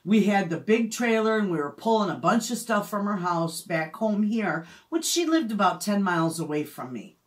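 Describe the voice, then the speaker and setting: A middle-aged woman talks casually to her viewers. She is a chatty storyteller who laughs often, in a voice of ordinary pitch. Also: sing-song, normal speed, few pauses. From Michigan, USA. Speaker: homestead vlogger. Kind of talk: casual chat.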